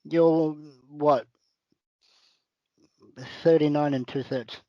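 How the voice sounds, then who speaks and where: A man hosts a casual talk and gives advice, breaking the problem down piece by piece. His voice sits somewhat high. The recording is dry and close, with no room echo. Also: steady tone, drawn-out words, lo-fi sound. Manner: coaching, breaks things down step by step. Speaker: podcast host giving advice. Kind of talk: casual conversation.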